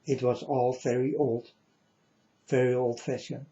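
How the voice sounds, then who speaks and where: Man, slow halting delivery, mellow dark tone, solemn, repeats himself, muffled low-fi recording. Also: flat delivery. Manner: solemn, halting, repeats phrases, sometimes loud. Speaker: self-styled prophet. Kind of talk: religious monologue to viewers.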